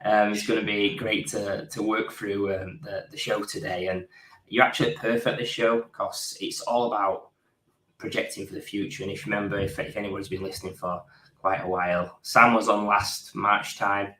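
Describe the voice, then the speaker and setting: An upbeat man co-hosts a podcast in a relaxed, casual way. His voice is low, and his mic picks up a noticeably roomy echo. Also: moderate pace, recorded from a distance. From United Kingdom. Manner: upbeat, introduces guest with praise. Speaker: podcast co-host. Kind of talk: casual chat.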